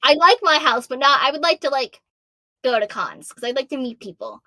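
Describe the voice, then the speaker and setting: A woman in her thirties with a high, very bright voice that is wearing thin from hours of talking. She answers fan questions in a bubbly, self-deprecating, animated way. The recording is dry, with almost no room sound. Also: fairly quick, no room sound. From Massachusetts. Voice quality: high-pitched. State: losing her voice. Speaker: voice actor guest. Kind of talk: casual Q&A answers.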